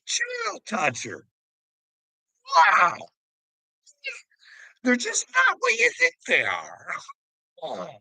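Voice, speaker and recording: A man's voice: high voice, wildly swooping pitch, takes it slowly, gravelly, pauses often, bright, forceful tone, no room sound, poor audio. A man delivering a profane, taunting rant to the camera, often breaking into laughter. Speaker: online commentator. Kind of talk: ranting monologue to camera.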